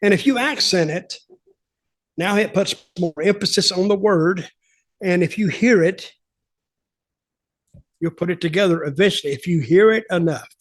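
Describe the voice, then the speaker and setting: A man's voice: high-pitched, normal speed, long pauses. An older man hosting a podcast, telling stories in a plainspoken way with wry asides. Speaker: podcast host, former wrestling insider. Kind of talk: casual storytelling interview.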